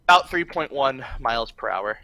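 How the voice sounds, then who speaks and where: A man playing a tabletop game in casual chat, relaxed and stop-start as he plans. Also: medium pitch, normal speed, no echo. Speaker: player.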